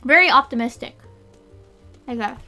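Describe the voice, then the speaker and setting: A woman's voice: sits high, normal speed, bright, forceful tone, faint music behind. A woman streamer chatting casually and rambling with lots of fillers while snacking. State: eating while talking. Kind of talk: casual chat.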